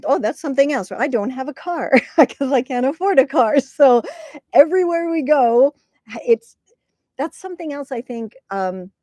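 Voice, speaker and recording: Woman, livestream host, casual rambling chat, slightly high voice, dry close sound. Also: mellow, dry recording. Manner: chatty and rambling, laughs often, reads viewer comments aloud. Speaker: content creator hosting a livestream.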